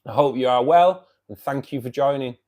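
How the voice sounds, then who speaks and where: A man's voice: medium pitch, normal speed, a little mellow. Chatty Mancunian man hosting a stream. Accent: Mancunian English. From Manchester area, England. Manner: chatty, friendly, reads out viewer comments and greets them by name. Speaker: live stream host of a fish club. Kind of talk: casual live stream chat. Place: home by his fish tank.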